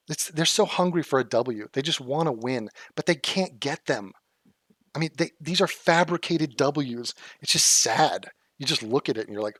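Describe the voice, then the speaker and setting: A man's voice: on the high side, animated, normal speed, fairly bright tone, dry recording, clean studio sound. A man from Los Angeles doing sarcastic, profane reaction commentary, mocking clips he reacts to. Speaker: commentary youtuber.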